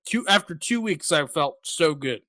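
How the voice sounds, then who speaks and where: A man's voice: on the high side, lively intonation, moderate pace, sharp tone, no room sound. A man hosting a podcast, chatting casually in a rambling, joking way full of fillers. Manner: rambling, jokey, lots of fillers. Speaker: podcast host. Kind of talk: casual chat.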